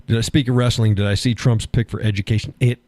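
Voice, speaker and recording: Older male stream host, folksy and wry, mellow tone, dead-dry close sound. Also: mid-range voice, steady tone, fast, no room sound. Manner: folksy, sardonic, chuckling often. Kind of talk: casual political chat.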